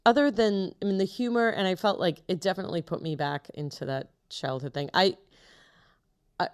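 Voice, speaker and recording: A woman's voice: fairly low pitch, brisk, clean tone. A young woman co-hosting a podcast in casual chat, rambling and losing her train of thought. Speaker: podcast co-host.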